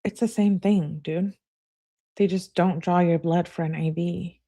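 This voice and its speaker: Brief: young woman, sarcastic true crime commentator, low-ish voice, unhurried delivery, swears casually. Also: fairly even intonation, mellow. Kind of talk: casual commentary reading out texts.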